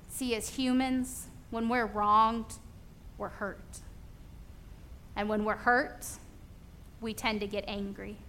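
A woman preacher giving a sermon in an animated storytelling manner, acting out bits of dialogue. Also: fairly high pitch, a little hiss or hum.

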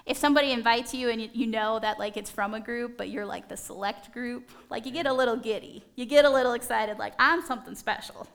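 A woman preaching a sermon in a conversational, animated storytelling manner. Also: a little high, quick pace, creaky, hardly any pauses.

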